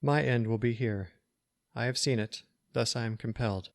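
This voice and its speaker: A man's voice: medium pitch, moderate pace, no room sound, studio quality, natural voice. A man voicing an anguished masked prophet of doom in a storybook reading, with a trembling, mournful voice. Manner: mournful and sorrowful.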